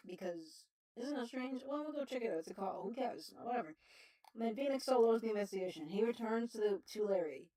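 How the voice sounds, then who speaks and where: A woman's voice: fairly low pitch, darkish tone. Woman streamer, loose profane rambling chat, slightly distant mic. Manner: rambling, profane, laughing often. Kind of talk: casual livestream chat.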